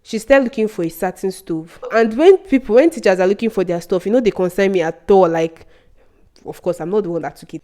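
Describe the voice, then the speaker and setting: A young woman telling a personal story to her viewers, animated, often laughing, her voice leaping up when she quotes herself. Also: fairly low pitch, brisk. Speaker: vlogger. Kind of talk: casual storytelling.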